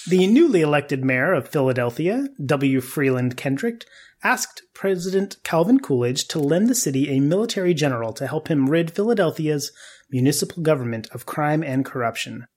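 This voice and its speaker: A man hosting a casual podcast, telling a story in an animated way and laughing often. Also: on the high side, normal speed.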